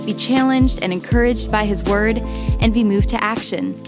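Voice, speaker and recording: A woman reading a calm, welcoming scripted introduction. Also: medium pitch, normal speed. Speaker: announcer. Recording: clear music bed under voice.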